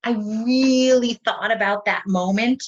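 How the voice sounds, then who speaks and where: A woman teacher on a video call, telling a story in an animated storyteller voice for a writing lesson. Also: on the high side, unhurried. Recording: dull lo-fi sound.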